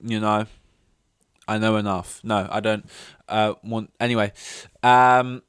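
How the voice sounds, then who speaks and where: A young man rambles through a casual solo podcast, full of ums and self-mocking asides. His voice sits a little low and sounds smooth and clean. The recording is dry and close, with no room echo. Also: steady tone, slow pace, a bit bright. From London. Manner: rambling, self-deprecating, many fillers and restarts. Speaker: podcast host.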